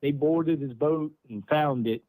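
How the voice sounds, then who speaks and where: A man phones in to a podcast and talks plainly and earnestly. His voice sits a little high for a man. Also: measured pace, dark tone, low-quality recording. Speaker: caller. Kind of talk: casual call-in chat.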